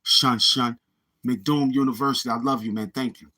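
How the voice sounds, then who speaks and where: A man's voice: medium pitch, fairly even intonation, moderate pace, sharp tone. A middle-aged man with a Brooklyn accent hosting a livestream in casual chat, answering viewers in streetwise slang and repeating himself. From Brooklyn, New York. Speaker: livestream host reading chat.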